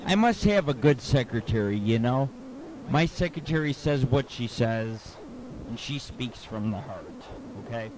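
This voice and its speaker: A man's voice: mid-range voice, background noise. A man hosting an internet radio show, telling a rambling, profane story and taking calls. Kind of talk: profane call-in radio rant.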